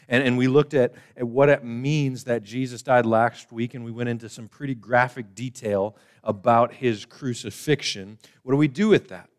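Easygoing joking male preacher. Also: medium pitch. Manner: casual, self-deprecating joking preacher. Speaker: pastor. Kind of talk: conversational sermon. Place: church service.

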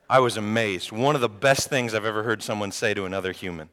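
A man preaching a sermon as pastor, lively and joking with the congregation. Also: fairly low pitch, quick pace, few pauses. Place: church sanctuary. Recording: long hall reverb.

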